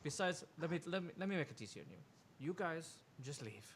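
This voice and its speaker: A man running a tabletop role-playing game as game master, narrating and voicing characters with animated energy. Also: on the high side, fast talker, a little hiss or hum. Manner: animated, switches into character voices.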